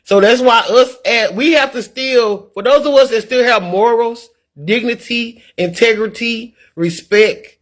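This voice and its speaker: A fairly high-pitched woman's voice moves at a measured pace with few pauses. She's a middle-aged livestreamer reading viewer comments, candid, earnest and preachy, and she repeats words as she gets more worked up.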